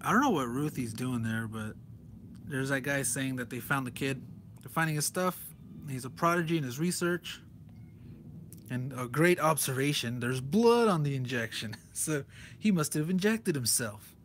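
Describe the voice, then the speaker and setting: This man's mid-range, fairly bright voice moves at a normal speed as he talks through a comic book one page at a time, chuckling frequently in a relaxed, wandering way. It's casual comic commentary, with slight noise in the background.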